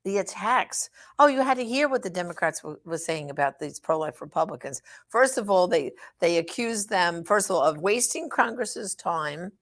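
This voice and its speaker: A woman's voice: fairly low pitch, expressive, normal speed, hardly any pauses. A woman hosting an advocacy show, speaking straight to her listeners in an emphatic, exhorting way with rhetorical questions. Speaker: host of a pro-life advocacy show. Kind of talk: direct address advocacy talk.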